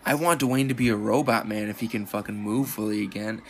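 Gravelly young man in casual banter. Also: on the low side, fairly quick, slight background noise. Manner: swearing, excitable. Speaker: podcast co-host. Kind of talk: casual chat.

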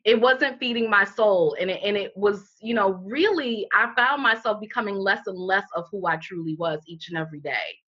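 Bright, husky-voiced woman telling her story. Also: mid-range voice, moderate pace, few pauses. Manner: candid, emphatic, heavy on "you know" fillers. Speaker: interview guest, healing center founder. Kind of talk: personal storytelling in conversation. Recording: dull lo-fi recording.

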